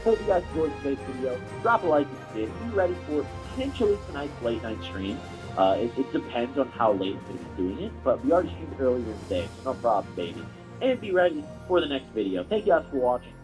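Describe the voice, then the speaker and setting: A man's voice: medium pitch, very animated, quick pace, music in the background, low-quality recording. A young man talking casually to camera, telling a rambling, profane, slang-heavy story as a video creator.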